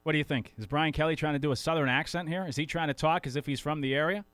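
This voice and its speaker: A man's voice: fairly high pitch, very fast, fairly bright tone, no room sound. A man hosting a sports talk radio show, chatty and opinionated, talking into a studio microphone.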